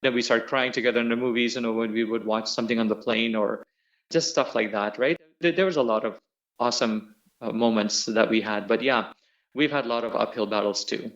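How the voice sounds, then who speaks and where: A man's voice: mid-range voice, brisk. A man, a musician, reminiscing as an interview guest, laughing often as he tells stories. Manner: laughs often, animated storytelling. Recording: dull lo-fi audio.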